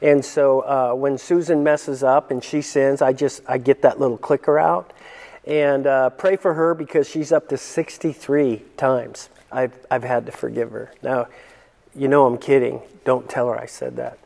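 A man's voice: medium pitch, flat delivery, measured pace, vocal fry, a little mellow. A male pastor preaching a sermon, reading scripture and joking in conversational asides. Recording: long reverb in a hall.

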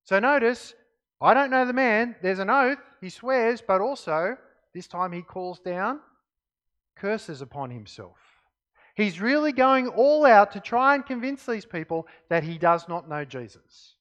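A man delivers a sermon with a high voice. His pitch swings widely as he reads scripture and drives home each point. He often drops to quiet emphasis. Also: measured pace, lo-fi sound. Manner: expressive Bible reading, dropping to quiet emphasis. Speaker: preacher.

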